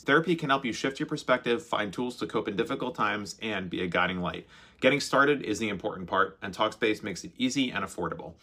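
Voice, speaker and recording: A man co-hosting a casual podcast chat, who also reads the sponsor ad in a steady, measured way. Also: lowish voice. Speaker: podcast co-host.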